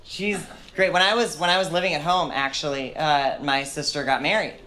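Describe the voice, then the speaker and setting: A woman's voice: low-pitched, steady tone, normal speed, background noise. A woman comedian performing a live stand-up set with a dry, self-mocking delivery. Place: comedy club stage with audience. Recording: live set with audience laughter.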